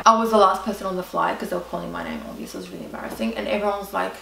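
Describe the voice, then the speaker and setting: A woman's voice: mid-range voice, rapid-fire, vocal fry, hardly any pauses, fairly bright tone, roomy sound, far from the mic, a little hiss or hum, low-quality recording. A young Australian woman telling a storytime vlog, chatty and dramatic, with lots of "like". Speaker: vlogger.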